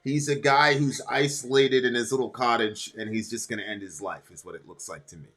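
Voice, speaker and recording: A man's voice: medium pitch, steady tone, a little fast, a bit bright. A middle-aged American man co-hosting a reaction show, reading lyrics aloud and explaining them at length in casual chat. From United States.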